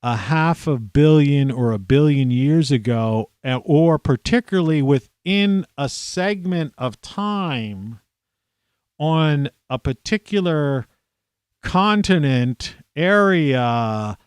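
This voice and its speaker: A man's voice: fairly high pitch, lively intonation, takes it slowly, clear, resonant tone, no echo. A middle-aged man ranting in a rambling, profane monologue, restarting his sentences and swearing often. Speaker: video blogger.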